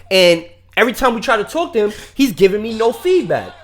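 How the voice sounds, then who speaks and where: A young man from Brooklyn, co-hosting a casual podcast and telling a long, profane story with big swings between low mutters and loud outbursts. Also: big pitch swings, fairly quick, hardly any pauses. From Brooklyn, New York.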